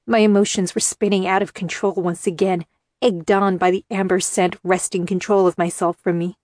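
A woman's voice: medium pitch, flat delivery, moderate pace, darkish tone, no room sound, studio quality. A woman reading a first-person story aloud with tense, emotional delivery. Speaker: audiobook narrator. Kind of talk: first-person audiobook narration.

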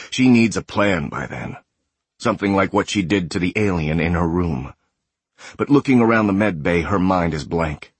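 A man narrating an audiobook thriller in a steady, measured, tense way. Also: low-pitched, breathy edge, no room sound.

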